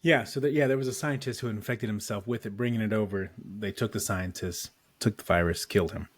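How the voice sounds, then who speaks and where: A man's voice: fairly low pitch, a little fast, no room sound. A man co-hosting a casual movie discussion podcast, playful and full of slang, laughing often. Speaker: podcast co-host.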